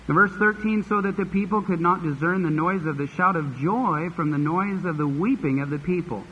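A man's voice: high-pitched, bright, forceful tone. A man preaching a sermon, reading Bible verses and explaining them with folksy asides. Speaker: pastor. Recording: dull lo-fi recording with long hall reverb and faint hiss.

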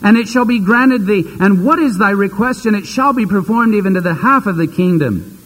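A man's voice: high-pitched, lively intonation, brisk, a bit bright, breathy edge, long reverb tail, poor audio. A man preaching a sermon, retelling a scripture story dramatically and acting out the characters' voices.

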